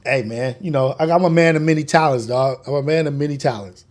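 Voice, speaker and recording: A man's voice: fairly high pitch, quick pace, a little mellow. A man in his forties hosting a casual morning show from home, loose and joking, who swears often and laughs a lot. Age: 40s. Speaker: podcast host.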